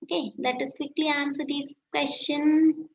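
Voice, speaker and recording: A woman teacher with an Indian English accent, slowly dictating answers in a class lesson and repeating phrases as she writes. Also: high voice, steady tone. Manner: slow, repeats phrases while writing answers. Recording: echoey room, dull lo-fi sound, faint noise.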